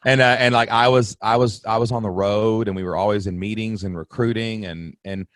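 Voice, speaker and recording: Low-voiced rambling male podcast host. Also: steady tone, fairly quick, fairly bright tone, dry recording, clean studio sound. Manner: rambling storyteller, many restarts and "man". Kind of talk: casual chat.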